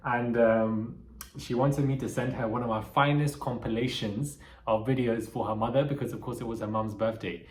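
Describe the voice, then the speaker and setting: A man's voice: medium pitch, fairly even intonation, normal speed, roomy sound. A man giving casual, opinionated commentary on reality TV as a channel host. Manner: chatty, opinionated, breaks into laughter.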